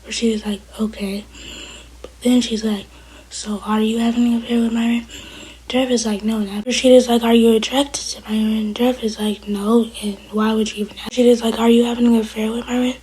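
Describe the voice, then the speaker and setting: A woman casually recapping a TV episode, retelling scenes through quoted dialogue in a breathy, half-whispered voice. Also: on the high side, little pitch movement, brisk, mellow, a little hiss or hum, rough recording. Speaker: TV show reviewer.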